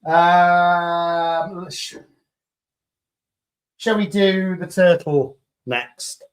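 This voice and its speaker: Upbeat british guy on a craft livestream, a bit croaky, kinda high voice, chatty. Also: fairly even intonation, very slow. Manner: chatty and enthusiastic, greeting viewers. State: slightly croaky after hours live. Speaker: resin crafter streaming live. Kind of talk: live stream chat while demolding.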